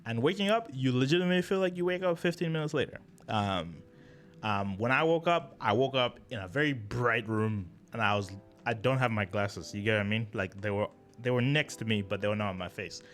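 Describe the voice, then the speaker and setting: A young man casually telling a personal story to the camera, chatty and animated, with lots of fillers and restarts. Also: medium pitch, brisk. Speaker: vlogger.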